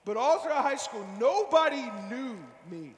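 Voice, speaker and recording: A man giving a fervent, loud youth sermon, slangy and direct with his listeners. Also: very high voice, expressive, normal speed. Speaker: youth speaker. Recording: echoey hall with long reverb.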